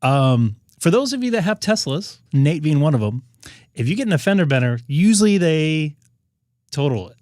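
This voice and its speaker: A man's voice: on the high side, very animated, a little fast, darkish tone, no room sound, studio quality. A man hosting a ham radio live stream, talking casually and rambling with frequent fillers and restarts.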